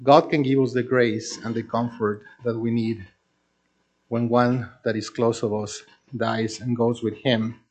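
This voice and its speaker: A man preaching a sermon, earnest and emphatic, slowing down to stress key phrases. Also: mid-range voice, level tone, darkish tone. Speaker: pastor.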